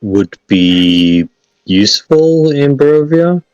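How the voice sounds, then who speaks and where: A man's voice: medium pitch, sing-song, slow, a little mellow, clean tone, no room sound, dull audio. A man playing a tabletop game, hesitant and trailing off. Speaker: player.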